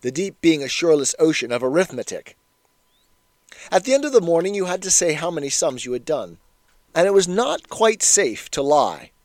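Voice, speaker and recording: Man narrating a memoir, slightly high voice, wry and measured delivery. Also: very animated, darkish tone, no echo. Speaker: reader.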